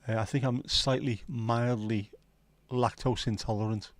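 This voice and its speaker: A man's voice: mid-range voice, steady tone, a little slow, no room sound. Cheeky man chatting to viewers. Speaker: livestream host. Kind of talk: casual chat reading viewer comments.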